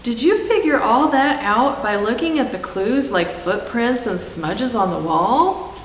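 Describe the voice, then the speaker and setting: A woman's voice: a little high, expressive, measured pace. A woman voicing an eager vegetable waitress in a raised, pleading voice. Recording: echoey hall with faint hiss.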